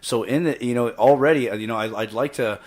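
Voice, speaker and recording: A man's voice: medium pitch, quick pace, darkish tone. A young man on a podcast as a guest, brash and fiery, swearing freely as he rants about politics. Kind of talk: heated political discussion.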